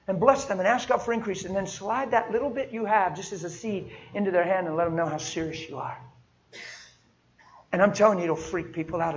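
A male preacher giving a sermon in a folksy storytelling way, acting out everyday conversations. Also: high-pitched. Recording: dull lo-fi recording.

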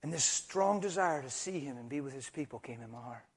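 A middle-aged man preaching a sermon, telling stories with hushed asides and loud bursts of emphasis. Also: medium pitch, a little fast, breathy edge. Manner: storytelling, animated, swings between hushed asides and loud emphasis. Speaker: traveling preacher.

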